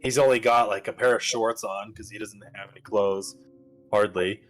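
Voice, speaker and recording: A man's voice: fairly low pitch, steady tone, normal speed, faint music behind. A man narrating as game master, casual and rambling with lots of fillers.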